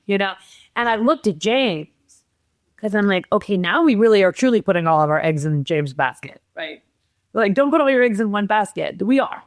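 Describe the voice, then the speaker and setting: Woman, middle-aged, podcast guest, animated storytelling, acts out quotes, near tears at times, dry close sound. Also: medium pitch, normal speed, no echo. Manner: animated, acts out quotes, laughs while telling. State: tearful at moments. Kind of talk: emotional personal storytelling.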